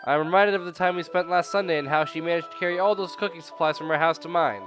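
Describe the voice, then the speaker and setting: A man's voice: a little high, steady tone, fast, few pauses, over music. A young man reading a visual novel game aloud and chatting between lines, his throat sore and coughing. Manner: chatty, rambling asides. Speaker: gaming video creator.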